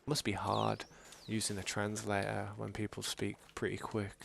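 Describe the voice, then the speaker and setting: Brummie male game streamer, low voice with gravel, chatty and meandering. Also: monotone, normal speed, few pauses, a bit bright, slight background noise. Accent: Birmingham English. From England. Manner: rambling, chatty, reads chat messages aloud. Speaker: gaming streamer. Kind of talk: casual live-stream chat.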